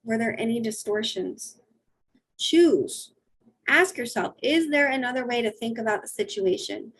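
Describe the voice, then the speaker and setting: A woman's voice: fairly high pitch, expressive, unhurried, low-quality recording. A middle-aged woman, a wellness coach, giving a friendly, conversational webinar presentation and listing practical tips.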